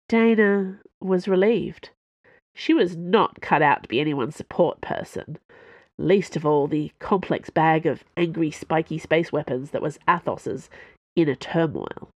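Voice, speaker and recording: A woman narrating a story in a calm, measured, scripted way. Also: sits low, no room sound. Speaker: audiobook narrator.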